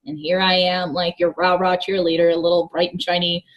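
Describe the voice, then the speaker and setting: A woman guest speaking in a relaxed, reflective way during a casual conversation. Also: on the low side, dull audio. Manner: slow, reflective, thoughtful. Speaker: guest, gym worker.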